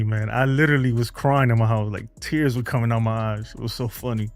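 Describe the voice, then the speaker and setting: A man's voice: mid-range voice, fairly even intonation, brisk, hardly any pauses, faint music behind. A man hosting a casual baseball fan stream from home, laughing often and saying "man" and "bro" a lot. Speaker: baseball fan channel host. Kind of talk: casual live-stream chat reading viewer comments.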